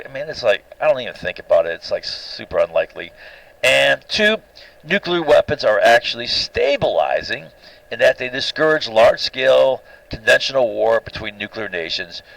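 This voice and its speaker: A man of ordinary pitch delivers a recorded slide lecture in a loose, conversational way. He is blunt and opinionated, restarts his sentences often and keeps tagging them with "right?". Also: gravelly, fairly bright tone, no echo, rough recording.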